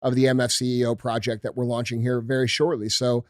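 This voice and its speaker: A man's voice: medium pitch, level tone, fast, no room sound, clean studio sound. A man hosting a casual podcast, talking bluntly and emphatically and swearing freely. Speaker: podcast host. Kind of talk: casual studio podcast chat.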